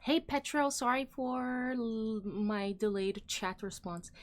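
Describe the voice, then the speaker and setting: A woman's voice: a little high, fairly even intonation, takes it slowly. A woman hosting a casual opinion livestream. She rambles with lots of "like" and "um," talks straight to her viewers, and lets her thoughts trail off. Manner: rambling, heavy use of "like" and "um", trailing off; chatty, addresses viewers directly. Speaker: livestream host.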